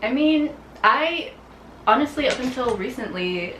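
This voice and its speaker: A woman's voice: high-pitched, lively intonation, unhurried, a bit bright. A young woman, a guest friend, chatting casually and chiming in with agreement and short stories. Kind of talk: casual chat. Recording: echoey room with faint hiss.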